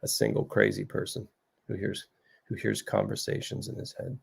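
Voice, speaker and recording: A man's voice: on the low side, little pitch movement, normal speed, gravelly, slightly rough. A middle-aged man, an author hosting a livestream, chatting loosely and jokingly with viewers and reading their comments. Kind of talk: casual chat.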